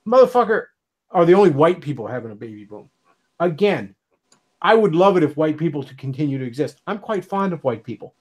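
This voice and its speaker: This US livestream host rants heatedly in a casual monologue, cursing constantly and dripping with sarcasm. He talks a little fast in an animated, slightly high voice.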